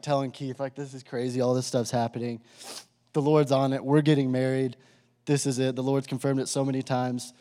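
Young man telling a story in a hall. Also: medium pitch. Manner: casual, animated, many "like" fillers. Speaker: speaker sharing a testimony. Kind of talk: storytelling testimony to a live audience. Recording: reverberant hall.

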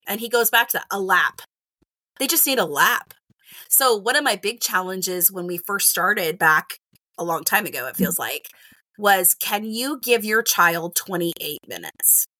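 Here a middle-aged woman who works as a kindergarten teacher gives a casual, animated interview, voicing quoted exchanges and leaning on "like" and "right?". Her pitch is medium and the recording has no room sound.

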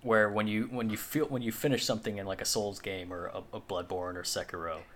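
A man's voice: on the low side, steady tone, a little fast, a bit bright, a little hiss or hum. A man co-hosting a podcast in casual chat, rambling with lots of fillers and the odd swear. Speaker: podcast co-host.

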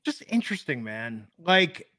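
A man's voice: a little high, big pitch swings, unhurried, sharp tone, dry recording, studio quality. A man in his thirties co-hosting a casual podcast, rambling and thinking aloud with fillers. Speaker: podcast co-host. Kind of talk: casual wrestling podcast chat.

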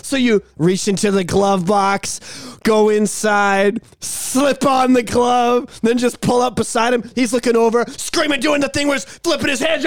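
Podcast co-host, man, high-pitched, animated, swears, dry close sound. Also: moderate pace, dry recording. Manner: animated, swearing, acts out loud shouted bits. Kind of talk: casual chat. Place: small home studio.

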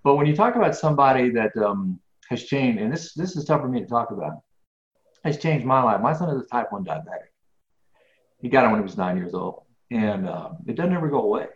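Over an echoey, dull lo-fi recording, an animated middle-aged man with a medium-pitched voice talks fairly quickly as an interview guest. He's emphatic and keeps restarting and repeating words in the conversation.

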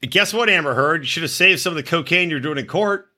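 A man's voice: a little high, quick pace, bright, forceful tone. A man co-hosting a podcast, talking in profane, joking casual banter. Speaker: podcast co-host.

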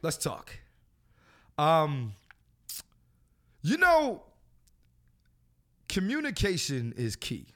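A man's voice: on the high side, huge pitch swings, very slow, pauses often, a bit bright. A man hosting a casual podcast, talking in a profane, preachy and joking way. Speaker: podcast host.

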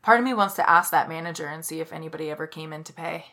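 A woman co-hosting a podcast in loose, casual chat, telling a story with easy laughter. Her voice is bright and forward, sitting a little low for a woman. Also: rapid-fire. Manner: chatty storyteller, laughs easily. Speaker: podcast co-host.

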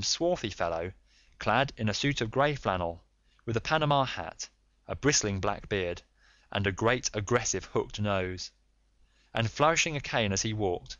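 Male audiobook narrator, low voice, dry close recording, steady reading. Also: no room sound, lo-fi sound. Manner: steady storytelling delivery. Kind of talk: scripted narration.

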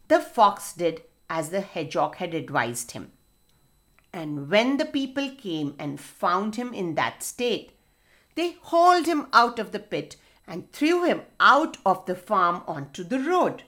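Expressive woman reading to children. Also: mid-range voice, measured pace. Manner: expressive, addresses children directly. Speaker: children's storyteller. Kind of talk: storytelling to children.

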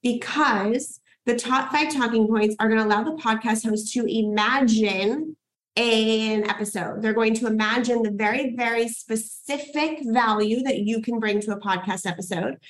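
A woman's voice: a little high, normal speed, poor audio. A young woman hosting a workshop as a podcast coach, enthusiastic and hyped, swearing casually as she cheers people on.

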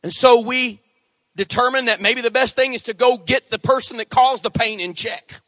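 A middle-aged man preaches a sermon with an animated delivery, pausing to call for amens from the congregation. His voice sits high and has a bright, forceful edge. The recording is dry and close. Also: no room sound. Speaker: pastor.

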